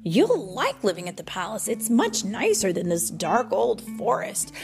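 A soft-spoken, kind-hearted young prince, read aloud by a woman in a storybook reading. His lines rise and fall in a lively way and come out slowly, with a gravelly edge, over quiet plucked guitar. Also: mid-range voice. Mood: coaxing. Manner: soft, earnest, stammering when surprised.

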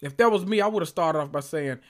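A man hosting a solo reality TV recap podcast, talking in a sassy, profane way with drawn-out emphasis. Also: fairly high pitch. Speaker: podcast host.

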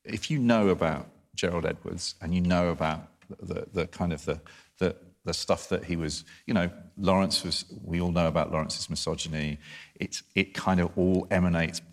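A man with a very deep, low voice talks about a novel in a relaxed discussion. He stumbles and restarts often, repeating words as he feels his way toward a point. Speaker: book discussion panelist. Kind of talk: casual literary discussion.

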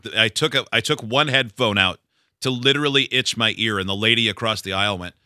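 A man's voice: lowish voice, a little fast, pushed and bright, clear, resonant tone, no echo, studio quality. A man hosting a show, laughing and poking fun at himself in casual banter. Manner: laughing, self-deprecating. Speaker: radio show host.

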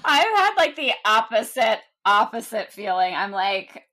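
A woman's voice: a little high, big pitch swings, measured pace, few pauses, sharp tone. A woman co-hosting a podcast, chatty and gushing, who laughs often while introducing a guest. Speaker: podcast co-host.

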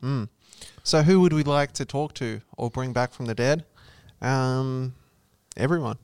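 A man's voice: medium pitch, a little slow, darkish tone, smooth, dry recording. A young Australian man co-hosting a podcast, swearing and teasing in casual chat. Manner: laughing, swearing, teasing banter. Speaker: podcast co-host.

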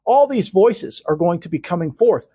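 Earnest preaching man, lively voice. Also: high voice, normal speed, slightly rough, no echo, clean studio sound. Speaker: podcast host. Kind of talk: spiritual podcast talk.

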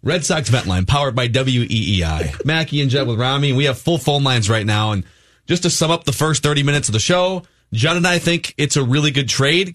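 Brief: laid-back male radio host, mid pitch. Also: fairly bright tone. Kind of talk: sports talk radio.

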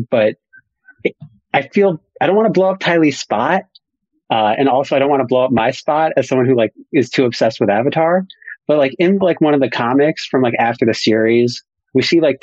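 A man's voice: medium pitch, a little mellow, slightly rough, dry recording, highs cut off. A man co-hosting a podcast, rambling casually and hedging often. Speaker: podcast co-host. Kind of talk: casual chat.

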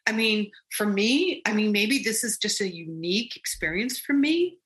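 A woman guest recounting a personal experience in conversation, animated and rambling with frequent restarts. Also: mid-range voice, normal speed, poor audio.

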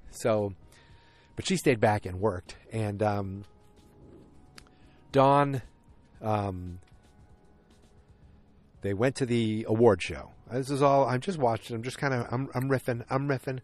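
A man's voice: medium pitch, fairly even intonation, unhurried, long pauses. A man chatting casually outdoors on a windy evening, rambling through a recap of a TV episode and acting out the characters' lines as he goes.

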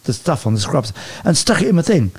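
A man telling lively personal stories as an interview guest, often stumbling and restarting mid-sentence. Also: a little high, brisk, slightly rough. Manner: animated anecdotes with hesitant restarts. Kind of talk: storytelling interview chat.

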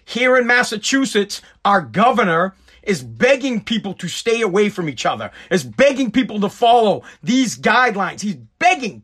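A man's voice: sits high, sing-song, moderate pace, a bit bright, slightly rough. A man giving a profane, angry rant, blunt and sarcastic in his commentary.

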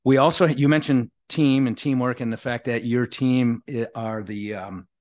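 A man hosts a leadership podcast, affirming his guest conversationally while often restarting and repeating his phrases. He speaks at medium pitch and a moderate pace, with fairly even intonation and a darkish tone.

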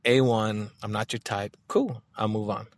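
A man's voice: on the low side, steady tone, a little slow, dry recording. A man talking casually in a monologue, swearing often and rambling with lots of filler words.

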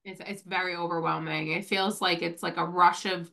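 A woman's voice: fairly low pitch, level tone, normal speed, creaky, sharp tone. A woman hosting a podcast in casual chat, talking with lots of filler words while coming down with a cold. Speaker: podcast host.

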